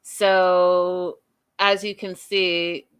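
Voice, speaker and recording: A woman's voice: fairly low pitch, level tone, very slow, fairly bright tone, clean tone. A woman hosting an online reality-show recap, chatting casually to her viewers with lots of fillers and asides. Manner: chatty, addresses viewers as "you guys", many fillers.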